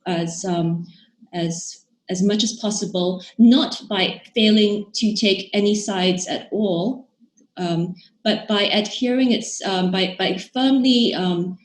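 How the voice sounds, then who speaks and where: A woman appears as a guest expert on a podcast, giving measured interview answers with frequent fillers and restarts. Her pitch is medium, and the room echoes.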